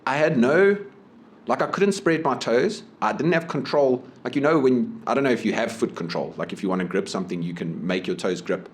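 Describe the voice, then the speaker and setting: A South African man co-hosting a podcast in casual chat, an animated storyteller who laughs often and mimics the people in his stories. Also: medium pitch, brisk. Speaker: podcast co-host.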